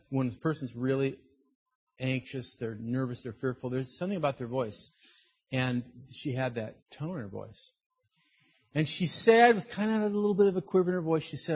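A male pastor preaches conversationally and emphatically, dropping low and quiet for serious points. The recording is dull and lo-fi, and his voice is slightly rough.

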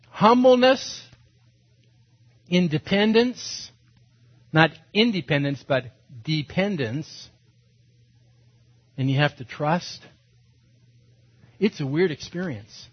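A man preaching in a husky, fairly high voice, spinning self-mocking stories and acting out his own reactions as he goes. The recording sounds dull and lo-fi. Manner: animated, self-mocking, acts out quotes. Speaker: pastor. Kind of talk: storytelling sermon.

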